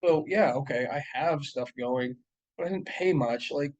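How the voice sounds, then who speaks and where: A young man co-hosts a casual podcast chat, telling long, profane, rambling stories full of fillers and frequent laughs. His voice is fairly high in pitch and darkish in tone at a normal speed, and the sound is lo-fi.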